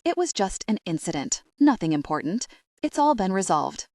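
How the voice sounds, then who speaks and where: A woman voicing a calm, concerned husband in an audiobook. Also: mid-range voice, moderate pace, no room sound, clean studio sound. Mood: reserved. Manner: reserved, soothing.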